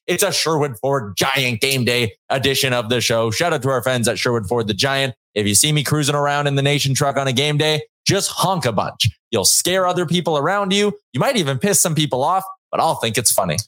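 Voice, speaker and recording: A man's voice: medium pitch, brisk, few pauses, fairly bright tone, no room sound. A man hosting a sports talk show in a small studio, fired up and joking as he reads viewer comments. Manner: hyped, joking, reads chat comments aloud. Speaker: podcast host. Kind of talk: casual sports chat.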